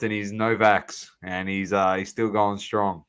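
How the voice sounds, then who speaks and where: A man's voice: lowish voice, level tone, unhurried, a bit bright, clear, resonant tone. An Australian man co-hosting a sports podcast, chatting casually in blunt, sweary slang. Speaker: podcast co-host.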